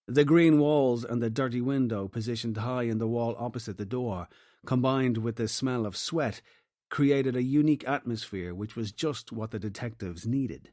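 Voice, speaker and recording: A man reading a crime novel as narrator in a steady, even manner. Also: medium pitch, dry recording, clean studio sound. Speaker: audiobook narrator. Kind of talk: scripted narration.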